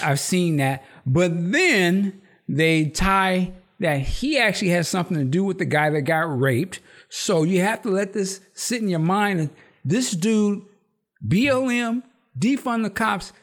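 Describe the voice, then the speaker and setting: A man hosting a casual chat, recapping a TV episode with slang and swearing, acting out characters' lines. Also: high-pitched. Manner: animated storyteller who acts out the characters' lines in raised voices. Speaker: podcast host.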